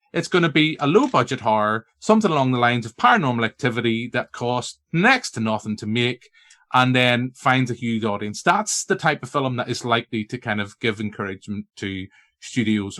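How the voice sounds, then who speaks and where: A Northern Irish man hosting a film podcast, chatting casually and bantering playfully with his guests. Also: medium pitch. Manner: animated, playful, stubborn banter. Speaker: podcast host. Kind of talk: casual chat.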